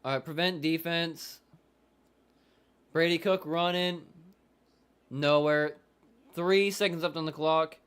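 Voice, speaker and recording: Fired up guy on a live game reaction stream, high voice, swearing nonstop, cranky disbelief. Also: steady tone, slow, long pauses, clear, resonant tone. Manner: exasperated, swears constantly, shouts in disbelief; mutters play-by-play updates.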